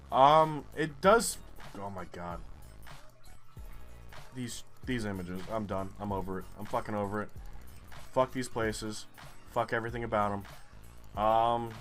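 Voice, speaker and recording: With a voice on the low side yet fairly bright, a young man plays a geography guessing game on YouTube. His live commentary is profane and openly frustrated.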